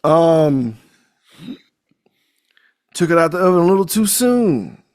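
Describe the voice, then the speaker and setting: Brief: male podcast host, lively swooping voice, pitched a bit high, jokey and profane. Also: slow. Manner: animated, profane, jokey storytelling. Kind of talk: casual movie recap.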